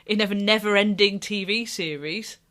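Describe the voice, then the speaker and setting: A woman co-hosts a relaxed podcast, talking over a TV series in a loose, chatty way. She laughs easily and trips over her words as she thinks aloud, in a voice of middling pitch. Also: normal speed. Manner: chatty, laughs often, restarts. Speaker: podcast co-host. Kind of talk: casual TV review chat.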